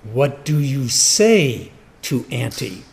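A man's voice: medium pitch, big pitch swings, slow, vocal fry, a little mellow, voice pushed down, heavily acted. A man playing a mother prodding her son to mind his manners, within a sermon.

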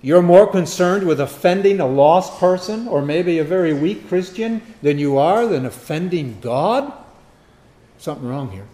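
Animated preacher man, lively pitch. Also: normal speed. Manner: animated, swings between loud emphasis and quiet asides, rhetorical questions. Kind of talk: sermon.

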